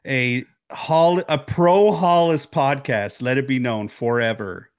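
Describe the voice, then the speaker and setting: Male podcast co-host, young adult, rambling casual talk, mid-pitched, dry close sound. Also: takes it slowly, clear, resonant tone, no echo. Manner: rambling, restarts his thoughts often. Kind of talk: casual chat. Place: home, remote recording.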